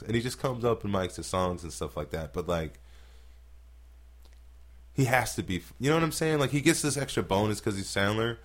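With a lowish voice and a fairly quick pace, this male stand-up recounts stories in relaxed podcast conversation. The delivery is animated and foul-mouthed, and he acts out what others said.

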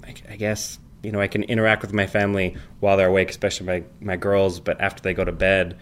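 A man in his thirties chatting casually and rambling, telling family stories with animated, high-pitched quoted voices. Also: fast, slight background noise. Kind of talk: casual chat.

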